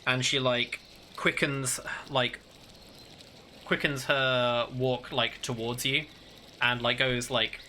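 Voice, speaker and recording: A man narrating as game master in a tabletop game, halting and full of fillers. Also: medium pitch, little pitch movement, sharp tone, a little hiss or hum.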